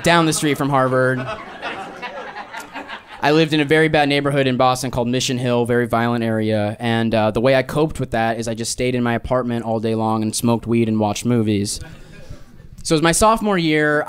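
A man in his thirties performing a stand-up set, telling a story in a dry, deadpan way and slipping into exaggerated voices for quotes. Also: mid-range voice. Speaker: stand-up comedian. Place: live comedy club with audience laughter. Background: audience laughter.

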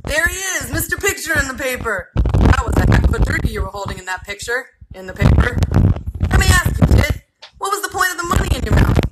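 A woman voicing a small-town man who loudly teases a boy about his newspaper photo. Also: sits high, very animated, fast talker, very noisy, voice pushed up. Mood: teasing. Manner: loud, mocking.

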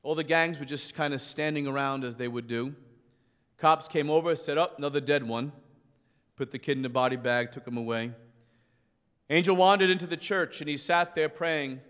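A priest preaching with passion and telling a dramatic story, acting out its voices. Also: male voice, on the high side, normal speed, clean tone. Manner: impassioned storyteller who acts out the shouting in his story. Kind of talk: preaching a rally speech with a story. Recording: long hall reverb.

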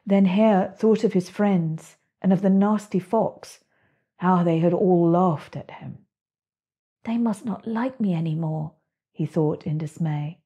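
A woman reads her own children's picture book aloud, slow and gentle with expressive storytelling. Her voice is warm and very breathy, a little low, with faint music underneath.

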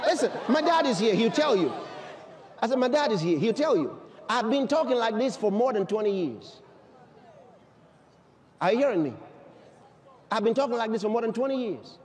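A man preaching a sermon to a live congregation, fervent and emphatic, often shouting and firing rhetorical questions at the crowd. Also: very high-pitched, expressive, moderate pace, pauses often. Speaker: pastor.

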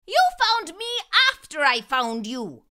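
Woman reading as an eager young lad, raised lively pitch, earnest, bright tone. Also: measured pace, exaggerated voice. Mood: excited. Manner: excited, earnest. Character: eager young male Irish finder.

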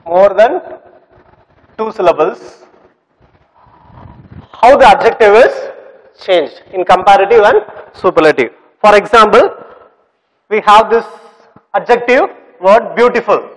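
A man's voice: high voice, expressive, a little slow, pauses often. A man teaching a grammar lesson to students, repeating key words, spelling them out and checking whether they understood. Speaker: English teacher. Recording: long reverb, echoey room.

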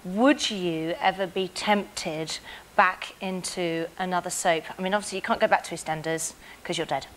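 A woman's voice: lowish voice, steady tone, normal speed, a bit bright, slight background noise, rough recording. A woman hosting a TV chat show, upbeat and teasing as she talks to her guest. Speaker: talk show host. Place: TV studio with audience.

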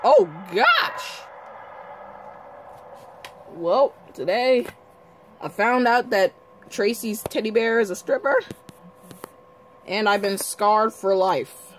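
A man giving joking, excitable commentary over his video game play, calling out to the characters on screen. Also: high voice, slow pace, long pauses, slight background noise. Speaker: gameplay commentator. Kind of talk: casual gameplay commentary. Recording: game music loud behind voice. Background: video game music and sounds.

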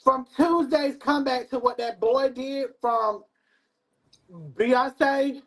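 Brash high-voiced woman judge. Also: slow, rough recording. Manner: brash, swears freely. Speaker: guest judge. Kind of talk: casual argumentative chat.

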